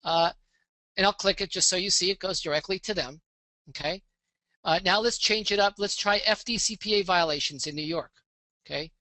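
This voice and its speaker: A man presenting a live online business pitch, walking through a website demo with an upbeat sales manner and frequent "okay?" check-ins. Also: moderate pace, pushed and bright, no echo. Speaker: webinar presenter.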